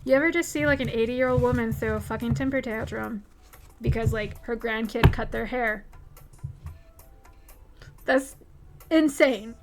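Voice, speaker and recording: A woman's voice: fairly high pitch, fairly even intonation, normal speed, long pauses, over loud music. Blunt, fired-up woman livestreamer. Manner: candid, profane, emphatic. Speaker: livestream host. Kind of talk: casual chat answering viewer questions. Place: home streaming setup.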